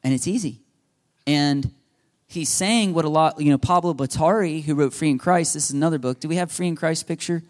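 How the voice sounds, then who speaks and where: A man preaching a sermon as pastor, lively and animated, acting out the voices he quotes. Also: on the high side, a little fast.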